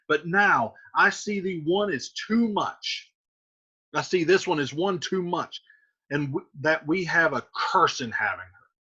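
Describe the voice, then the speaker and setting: A man's voice: a little high, bright, forceful tone, breathy edge, exaggerated voice. A man voicing an enraged, domineering middle-aged father, reading the lines and then paraphrasing them. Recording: dull lo-fi recording.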